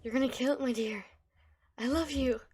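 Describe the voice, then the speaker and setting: A woman voicing a gentle young female tightrope walker, tender and later shaken, in an amateur voice drama. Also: mid-range voice, level tone, takes it slowly, vocal fry. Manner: tender, then shaken and frightened.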